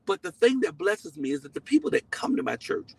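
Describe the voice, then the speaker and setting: A man's voice: high-pitched, very animated, fairly quick, creaky, slightly rough, no echo, poor audio. Earnest middle-aged preacher man, dry sound. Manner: conversational and emphatic, repeating key phrases; slips into voices when quoting people. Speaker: pastor. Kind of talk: sermon-style teaching to a live online audience.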